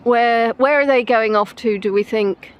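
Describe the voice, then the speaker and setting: Out on a riverside walk, an English-accented woman chats casually on a live stream, rambling and saying "um" a lot as she answers viewers. Her voice is fairly high, unhurried and smooth, with the highs cut off.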